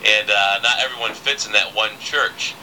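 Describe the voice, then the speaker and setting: A man's voice: lowish voice, moderate pace, pushed and bright, a little hiss or hum, poor audio. A man hosting a casual radio interview, chatty, with many fillers and restarts. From southern United States. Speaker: radio host.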